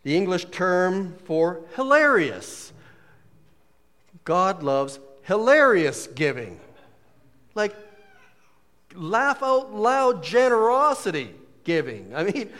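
A man preaching a casual, jokey sermon as a pastor, full of folksy asides and quick humor. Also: high voice, very animated, fairly bright tone, long reverb tail. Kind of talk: conversational sermon.

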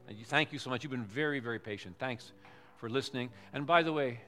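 A middle-aged man preaching as a visiting missionary at a church service, telling stories in an animated, emphatic way. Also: medium pitch, quick pace, in a large hall, soft background music. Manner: animated storytelling, loud emphatic swings. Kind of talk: sermon.

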